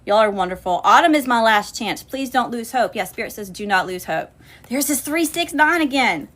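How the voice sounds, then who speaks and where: Speaking at a moderate pace in a slightly high voice, this woman is a spiritual channeler hosting a casual tarot livestream. She curses freely, stays animated, and addresses her viewers as y'all.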